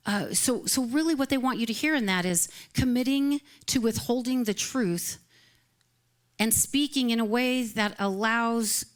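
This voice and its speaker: A woman's voice: fairly high pitch, lively intonation, measured pace. A woman minister giving a casual live sermon, chatty and light, often laughing between phrases. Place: live service at a spiritual center.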